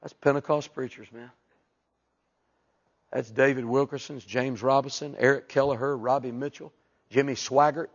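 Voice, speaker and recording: A man preaching a fiery sermon, dropping to hushed asides and rising to loud shouted peaks. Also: medium pitch, fairly even intonation, normal speed, long pauses, lo-fi sound.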